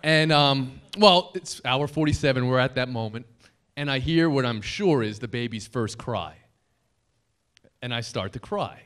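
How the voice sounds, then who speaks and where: A man in his thirties speaks at a banquet podium, trading self-deprecating jokes for a room of colleagues. His pitch sits in an ordinary middle range. Between laughs he turns sincere and grateful. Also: unhurried, fairly bright tone, clean tone. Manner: joking, self-deprecating storyteller; heartfelt, grateful tribute. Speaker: broadcaster giving a dinner speech. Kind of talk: anniversary dinner speech. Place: banquet hall dinner.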